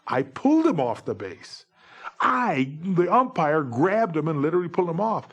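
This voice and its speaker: A man in his forties, a former baseball umpire, telling humorous stories in a lively, jokey way. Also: on the high side, normal speed, breathy edge, lo-fi sound. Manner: lively, jokey, breaks into shouted umpire calls. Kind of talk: humorous anecdotal storytelling.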